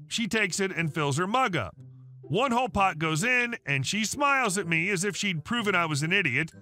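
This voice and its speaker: A man narrating a reddit story as scripted narration, in a lively storytelling read. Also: high voice.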